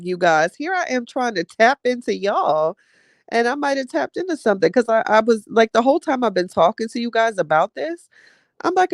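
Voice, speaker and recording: A woman's voice: medium pitch, no room sound, clean studio sound. A woman hosting a podcast, talking casually and heartfelt with her listeners, chatty and drawling, often calling them "child" and "y'all". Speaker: podcast host reading live chat.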